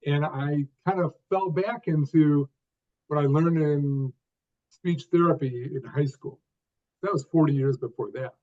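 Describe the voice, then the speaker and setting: An older man from the United States, telling his own story as an interview guest in short phrases, with pauses and repeated starts. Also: a little high. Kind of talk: conversational storytelling. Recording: dull lo-fi sound.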